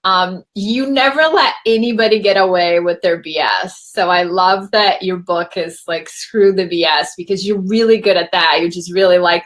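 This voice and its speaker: A woman hosting a casual chat, telling a personal story in a chatty way with lively quoted asides. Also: lowish voice, moderate pace, hardly any pauses. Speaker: host.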